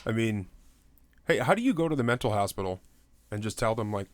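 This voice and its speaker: Laid-back low-voiced podcast guy. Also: animated, brisk, dry recording. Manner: loose and rambling, many fillers, breaks into high mocking voices. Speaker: podcast co-host. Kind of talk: casual true-crime podcast chat.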